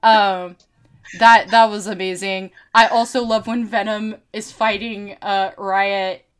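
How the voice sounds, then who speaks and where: A woman's voice: mid-range voice, little pitch movement, takes it slowly, smooth. A woman co-hosting a podcast in casual chat, giggling, swearing freely and acting out lines from a movie. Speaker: podcast co-host.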